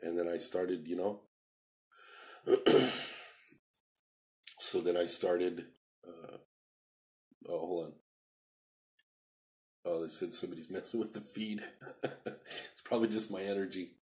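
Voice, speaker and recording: Low-voiced man rambling through his life story. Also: fairly even intonation, slow, pauses often. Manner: rambling, repeats himself, acts out quoted dialogue. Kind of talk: casual personal storytelling, live stream.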